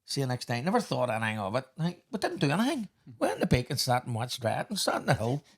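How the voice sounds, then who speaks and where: A man with a Northern Irish accent telling swearing, animated stories in a casual podcast chat. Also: medium pitch, fast, breathy edge. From Northern Ireland. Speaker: podcast host.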